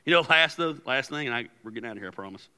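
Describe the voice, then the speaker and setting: A man preaching a sermon as pastor, animated and acting out quoted prayers. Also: medium pitch, very fast, clean tone. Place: large church hall. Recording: long hall reverb.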